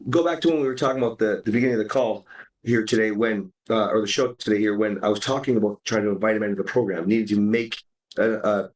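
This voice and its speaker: A podcast host chatting casually and animatedly, swearing now and then. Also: male voice, lowish voice, fast talker. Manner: animated, acts out quoted dialogue, swears casually. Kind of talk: casual chat. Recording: roomy sound from a distance.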